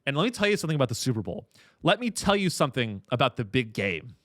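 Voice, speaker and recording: A man's voice: mid-range voice, big pitch swings, quick pace, fairly bright tone, no room sound. A man hosting a comedy podcast, delivering a profane, ironic, rambling rant with many restarts into a close mic. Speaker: podcast host.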